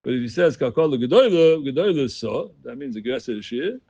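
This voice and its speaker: A man leading a Talmud study group, explaining the text in an animated voice and chanting quoted passages in a sing-song. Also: mid-range voice, fast talker, no echo, lo-fi sound. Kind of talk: Talmud class teaching.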